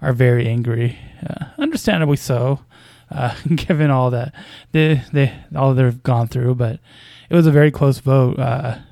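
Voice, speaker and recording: A man's voice: medium pitch, normal speed, creaky, few pauses, dark tone, no echo. A man casually commenting on basketball news as a podcast host, with a hesitant, wry delivery full of fillers and small chuckles.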